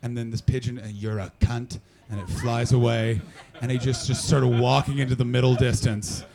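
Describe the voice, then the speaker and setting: A gravelly, mid-range voice moves fairly quickly as this man does stand-up in a comedy club cellar. His stories are profane and animated, and he brashly teases the crowd.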